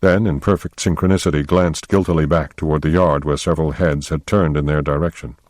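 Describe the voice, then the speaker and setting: A man narrating an audiobook in a measured storytelling manner. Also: very deep voice, fairly even intonation, darkish tone, no echo, clean studio sound.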